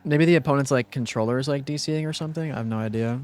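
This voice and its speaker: Racing along in a mid-range voice, a young man provides live gameplay commentary, speaking casually to his chat and teammate. Quiet muttering keeps breaking into frustrated outbursts.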